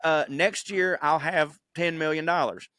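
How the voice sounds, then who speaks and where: A man co-hosting a podcast, telling a story in casual chat, profane and animated, putting on funny voices for quotes. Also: on the high side, unhurried, no echo, studio quality. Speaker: podcast co-host.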